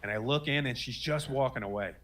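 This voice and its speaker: A man's voice: medium pitch, a little fast, fairly bright tone. A man in his late thirties telling a personal story in an earnest, rambling way, full of fillers and restarts. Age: 30s. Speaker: guest sharing a personal story. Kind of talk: casual spoken testimony.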